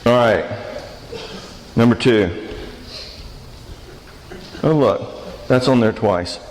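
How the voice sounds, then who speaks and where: A man's voice: medium pitch, slow pace, darkish tone, slight background noise. A man giving a church marriage conference talk, conversational and joking, often asking the audience questions. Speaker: conference speaker. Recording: reverberant church hall.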